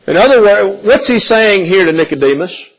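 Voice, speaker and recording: A man leads a Bible study, reading verses and then unpacking them with questions for his listeners. His voice sits slightly high, and he keeps checking in with a quick "okay?". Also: expressive, slight background noise, low-quality recording. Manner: questioning, repeats "okay?" often. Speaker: Bible teacher.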